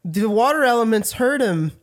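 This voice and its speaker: A woman's voice: fairly high pitch, expressive, moderate pace. A woman playing a tabletop game in a giggly, chatty way. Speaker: player. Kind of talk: casual tabletop play.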